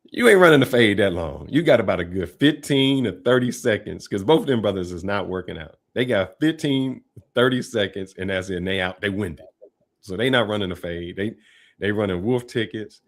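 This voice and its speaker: Laid-back low-voiced male commentator. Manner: relaxed, conversational, laughs often. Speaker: host. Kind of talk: casual commentary.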